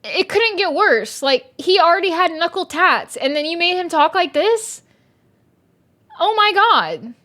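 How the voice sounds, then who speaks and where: A woman's voice: very high voice, very animated, unhurried, pushed and bright. A young woman, a streamer reviewing a book in casual chat, exasperated and sarcastic, swearing often. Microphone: streaming mic.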